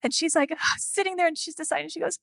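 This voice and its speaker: Woman pastor in her 30s telling a story in a sermon, high voice, lively, acts out voices. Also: fast, gravelly, dry recording.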